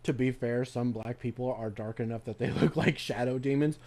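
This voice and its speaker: Steady in tone and darkish, a man's medium-pitched voice moves at normal speed as he streams a game. He chats casually in a rambling, foul-mouthed way, often restarting what he's saying.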